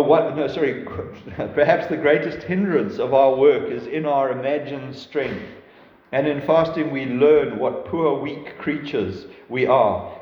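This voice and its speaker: A man preaching a sermon, earnest, reading scripture slowly and stumbling over his words now and then. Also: medium pitch. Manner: earnest, reads scripture slowly, restarts and laughs at slips. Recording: echoey hall, dull lo-fi sound.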